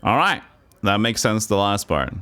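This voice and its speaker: A Norwegian man streaming a puzzle game, thinking aloud in halting, self-correcting English. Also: fairly low pitch, big pitch swings, sharp tone. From Norway. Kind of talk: live game commentary.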